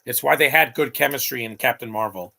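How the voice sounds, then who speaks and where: A man's voice: medium pitch, fairly quick, gravelly, sharp tone. A man in his late thirties giving opinionated, rambling live commentary over a movie, talking back at the screen. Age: late 30s.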